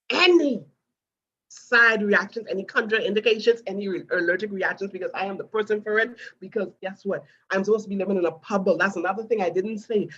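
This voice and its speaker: A woman tells her story, warming into emotion and calling the listeners "guys". Her voice is husky and a little breathy. The sound is muffled, like a low-fidelity stream. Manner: earnest, addresses listeners as "guys". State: getting emotional. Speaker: nurse sharing a testimony. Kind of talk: emotional personal testimony.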